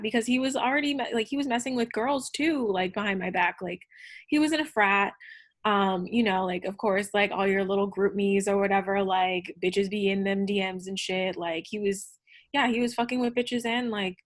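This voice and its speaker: A woman's voice: medium pitch, fairly bright tone. A young woman, a podcast guest, telling a personal story in casual chat, candid and profane, with lots of fillers.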